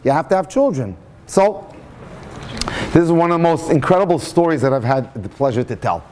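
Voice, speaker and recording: A man's voice: fairly high pitch, animated, fairly quick, darkish tone, a little hiss or hum. A man who is a rabbi, telling a story in a passionate, dramatic lecture style.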